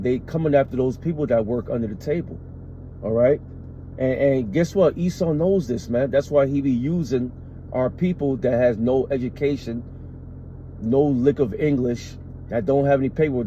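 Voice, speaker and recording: A man's voice: mid-range voice, warm tone, lo-fi sound, a little hiss or hum. A man teaching scripture in an emphatic way. He reads verses aloud, then explains them, often adding "all right" and "man". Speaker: street preacher.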